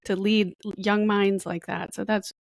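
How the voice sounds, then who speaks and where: A woman's voice: mid-range voice, flat delivery, moderate pace, vocal fry, no room sound. A woman hosting a podcast interview, asking questions and affirming her guest in a supportive way. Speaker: podcast host. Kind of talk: casual interview chat.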